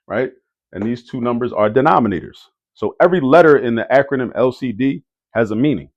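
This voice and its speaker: A man giving a casual math lesson who repeats key words for emphasis and keeps checking in with "right?". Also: medium pitch. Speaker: math teacher. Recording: dull lo-fi audio.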